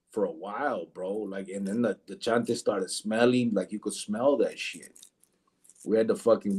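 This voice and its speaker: Husky low-voiced man telling stories. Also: dark tone. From Arizona, USA. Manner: swearing, laughing, reading live chat comments aloud. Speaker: podcast host. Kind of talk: casual storytelling chat.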